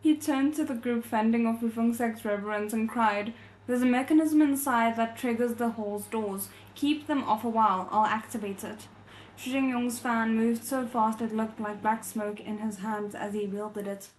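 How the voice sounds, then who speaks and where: A woman reads a novel aloud for a readalong. Her voice sits a little high, and she often stops to correct a word. She cuts in with amused comments on the story. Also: steady tone, moderate pace, a little mellow, slight background noise, rough recording. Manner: reads aloud with laughing off-script asides and self-corrections. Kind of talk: casual novel readalong with asides.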